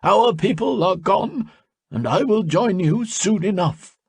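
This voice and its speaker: A man doing a slow, stern old wise man. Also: high voice, animated, gravelly, breathy edge, no room sound, pitched above the performer's own voice, heavily acted. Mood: solemn. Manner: slow, solemn and deliberate.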